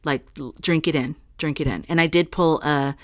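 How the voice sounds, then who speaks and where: A woman's voice: deep voice, normal speed, dry recording, clean studio sound. A middle-aged woman hosting a casual spiritual vlog, rambling and talking straight to her viewers as she reads oracle cards. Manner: chatty and rambling, addresses viewers directly. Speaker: spiritual channel host.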